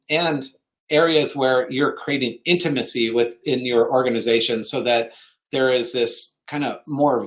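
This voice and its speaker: A man co-presenting a fundraising webinar, talking earnestly and clearing his throat now and then. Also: medium pitch.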